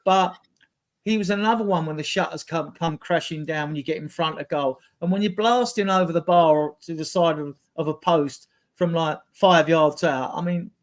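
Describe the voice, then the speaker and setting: A man giving blunt, animated opinions as a fan pundit in a casual football chat, piling up one example after another. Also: a little high, moderate pace.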